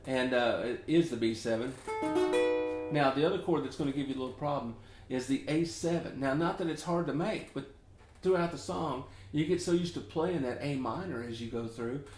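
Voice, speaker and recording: A man's voice: mid-range voice, moderate pace, a little mellow, faint music behind. Folksy Southern US man, roomy sound. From Memphis, Tennessee. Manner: rambling, folksy, chuckles often. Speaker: ukulele teacher. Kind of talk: casual chatty tutorial. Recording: roomy echo.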